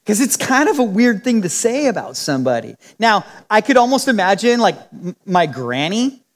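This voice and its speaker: A man with a strikingly high voice preaches a verse-by-verse Bible teaching, chatty and animated, acting out the lines of the people he quotes. His pitch swings widely, and a long reverb from the hall trails every phrase. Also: moderate pace. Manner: conversational, acts out quotes with shifting voices. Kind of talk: expository Bible teaching sermon.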